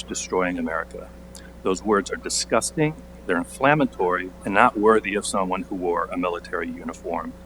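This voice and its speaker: A man's voice: deep voice, slight background noise, low-quality recording. A man on a borough council reading a prepared statement at a public meeting, pointed and sarcastic, pushing hard on key words. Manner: pointed, sarcastic, building to forceful emphasis.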